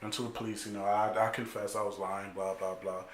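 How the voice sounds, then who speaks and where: A young man telling a story casually, animated and profane, full of slang, acting out other people's lines. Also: on the low side, fairly quick. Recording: echoey room.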